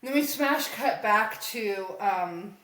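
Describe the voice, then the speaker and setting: A woman with a medium-pitched voice speaks slowly as a podcast co-host, casually recapping a comic story. She animatedly acts out the characters' lines in quotes and swears along the way. The recording has an echoey room sound.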